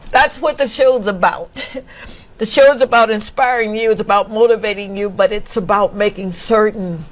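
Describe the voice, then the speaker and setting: A woman's voice: medium pitch, unhurried, rough recording. A woman from Mississippi hosting a talk show, emotional and close to tears, laughing often as she thanks her guest. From Columbus, Mississippi, US. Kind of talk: casual talk show chat.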